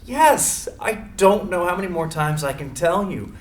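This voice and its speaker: A man's voice: high voice, big pitch swings, a little slow, a little hiss or hum. A man playing a young suspect, defensive and informal, in a screenplay reading.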